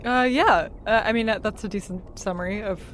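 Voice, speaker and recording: A woman's voice: mid-range voice, fairly quick, slight background noise. A woman playing a tabletop game in character, blunt and offhand. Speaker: player.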